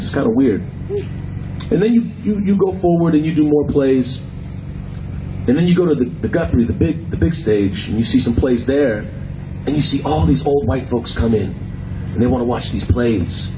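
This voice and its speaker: Man, protest speaker, pointed and sarcastic, clear traffic noise behind. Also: medium pitch, expressive, moderate pace. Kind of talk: rally speech. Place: outdoor protest by a street. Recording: outdoor street with traffic noise.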